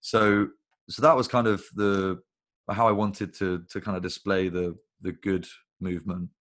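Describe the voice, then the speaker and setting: A man's voice: low-pitched, little pitch movement, measured pace, fairly bright tone. A man, a guest on a video call interview, talking casually in long rambling stories and swearing freely. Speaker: guest, recruitment business founder.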